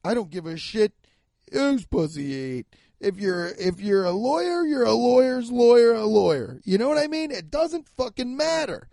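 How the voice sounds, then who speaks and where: A young man in his twenties or thirties, a comedian rambling through a profane, animated monologue with bursts of shouting. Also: very high voice, moderate pace, vocal fry, no echo. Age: 20s to 30s.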